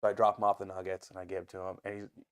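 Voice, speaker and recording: A man with an Ohio accent, a restaurant owner and guest, telling stories in an animated, casual way and swearing freely. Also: deep voice, very fast. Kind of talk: casual storytelling.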